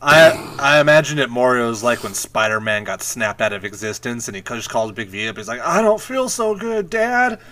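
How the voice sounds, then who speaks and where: Bright-voiced man cracking crude jokes. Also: fairly low pitch, steady tone, a little fast, hardly any pauses, a little hiss or hum. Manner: joking, crude, teasing. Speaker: podcast co-host. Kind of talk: casual chat.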